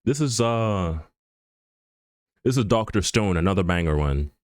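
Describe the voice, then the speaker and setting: A man's voice: fairly low pitch, expressive, measured pace, dry recording, clean studio sound. A man chatting on a live stream in a rambling, joking way, full of fillers and restarts, often laughing. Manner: laughs often while talking. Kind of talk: casual chat on a live stream.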